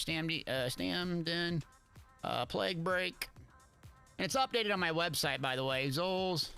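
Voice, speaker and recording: A young man streaming a player-versus-player online game, chatting with viewers and shouting excitedly during fights. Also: fairly high pitch, vocal fry. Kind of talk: live gameplay commentary.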